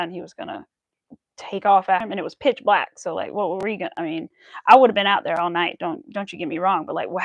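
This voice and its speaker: A woman chatting casually to her viewers while she crochets at home, rambling from one story to the next. Her voice is mid-pitched with a noticeable gravelly fry. The sound is close and dry, with no room echo. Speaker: crochet livestream host.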